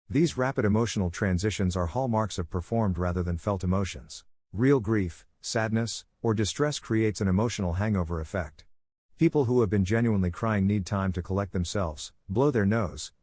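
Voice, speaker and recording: A man giving scripted explainer narration in an even, measured, instructive way. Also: lowish voice, dry recording, studio quality.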